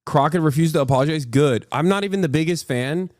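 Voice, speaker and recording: A man's voice: a little high, quick pace, darkish tone, no echo, clean studio sound. A man in his thirties hosting a stream, giving heated, sarcastic political commentary and reacting to chat. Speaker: streamer host.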